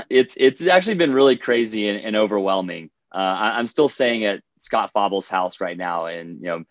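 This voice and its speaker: A man, a professional runner, answering interview questions candidly in a halting way, heard over a remote call. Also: lowish voice, animated, no echo, lo-fi sound. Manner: candid, halting, with many restarts. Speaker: podcast guest, professional runner.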